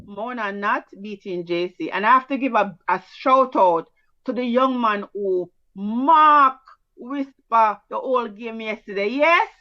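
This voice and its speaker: A Jamaican woman talking sport in a casual, teasing, rapid-fire way. Her voice sits fairly high. It comes through a dry, dull, lo-fi mic. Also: no echo. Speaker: co-host.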